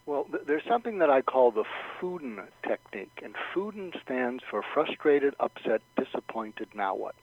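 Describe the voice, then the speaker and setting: A man's voice: medium pitch, very animated, normal speed, few pauses, no room sound. A man giving conversational advice as a guest expert, thoughtful, repeating words and acting out sample lines. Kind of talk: conversational advice with acted examples. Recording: dull, lo-fi radio sound.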